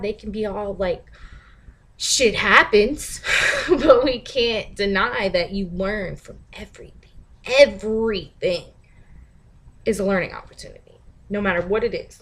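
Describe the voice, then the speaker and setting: A woman talking straight to camera in a casual vlog monologue. She is blunt and profane, laughs often, and breaks into shouted mimicry of other people. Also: medium pitch, breathy edge. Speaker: vlogger.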